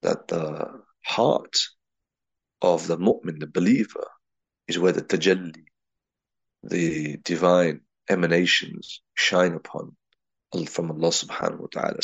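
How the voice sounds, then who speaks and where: A man's voice: sits low, measured pace, vocal fry, husky, no room sound, highs cut off. A man from England giving a reflective spiritual talk, telling a personal story and weaving in Arabic and Urdu religious terms. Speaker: religious teacher.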